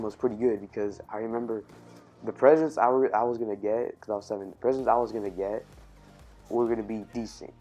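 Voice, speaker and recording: A man's voice: fairly low pitch, dark tone. A young man casually telling a personal story on his channel, rambling with lots of fillers and self-corrections. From Cuban family. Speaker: YouTube storyteller.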